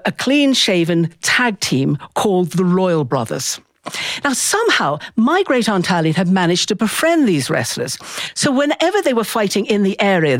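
A woman telling a personal childhood story in a lively, expressive way, acting out the voices of the people in it. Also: mid-range voice, dry recording, studio quality.

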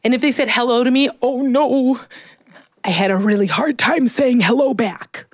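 Woman from Chicago, live storytelling, high voice, animated and breathless, dry close sound. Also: normal speed, no echo. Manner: animated, breathless, childlike re-enactment.

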